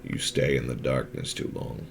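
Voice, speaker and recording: A man's voice: a bass voice, fairly even intonation, moderate pace, gravelly, a little hiss or hum, voice pushed down. A man voicing a blunt, no-nonsense commander of a besieged town. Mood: curt.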